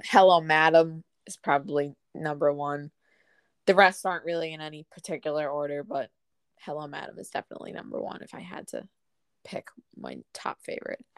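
Low-voiced young woman chatting, many ums. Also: smooth, no echo. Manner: relaxed, fond, many "um"s. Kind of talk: casual chat.

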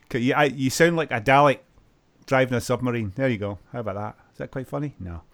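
Joking podcast host. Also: male voice, medium pitch, fast. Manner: lively, joking, uses Scottish slang. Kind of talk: casual football podcast chat.

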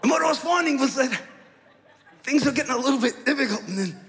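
A man's voice: very high-pitched, expressive, quick pace, vocal fry, crowd noise. A man, a pastor, preaching a sermon in a church with humorous, self-mocking storytelling. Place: church auditorium. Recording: long hall reverb.

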